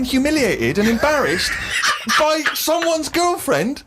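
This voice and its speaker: A man telling a comic story on a podcast, animated and indignant, climbing high when worked up. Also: fairly quick, heavy background noise.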